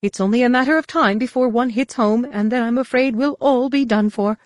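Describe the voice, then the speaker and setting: A woman's voice: a little high, a little fast, dry recording, clean studio sound, voice pushed up, lightly acted. Woman doing C-3PO, a fussy fretting droid. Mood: fretful. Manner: fretful, prim, wailing. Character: fussy anxious male protocol droid. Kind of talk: audiobook character voice.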